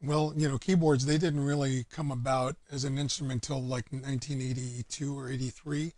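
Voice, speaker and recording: A man's voice: mid-range voice, level tone, normal speed, a little mellow, dry recording. Easygoing man chatting, dry sound. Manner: easygoing, rambling with many fillers. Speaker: guest musician. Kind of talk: casual interview chat.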